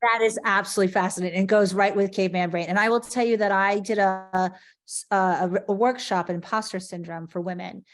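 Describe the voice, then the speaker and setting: A woman speaks as a coach and guest on a casual podcast interview. Her voice sits at a middle pitch. She talks in a lively, emphatic way and leans on rhetorical questions. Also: a little fast.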